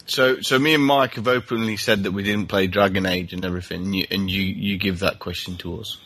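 A man's voice: deep voice, steady tone, a little fast, fairly bright tone. A man in casual podcast chat who jokes and hesitates over quiz answers. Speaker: podcast co-host, quiz contestant.

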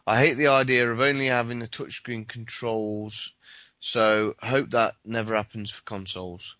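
A man's voice: mid-range voice, fairly even intonation, moderate pace, pushed and bright, dry recording. A man co-hosting a gaming podcast, reading listener tweets aloud. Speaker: podcast co-host.

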